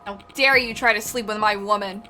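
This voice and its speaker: Brief: woman playing a taunting gangster thug, bright and forceful. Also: mid-range voice, fairly even intonation, brisk, soft background music, pitched below the performer's own voice, natural voice. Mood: threatening. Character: menacing male thug, loud and mocking.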